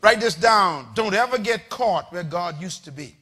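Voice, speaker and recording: Male preacher, very high, bright and piercing, animated pitch, call-and-response sermon that rises to shouts. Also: normal speed, breathy edge. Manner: spells out words for the congregation.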